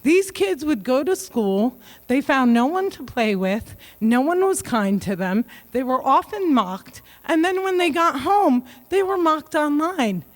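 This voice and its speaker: Woman keynote comic, high-pitched, self-mocking, fast punchlines. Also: animated. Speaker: keynote speaker. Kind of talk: comedic keynote speech.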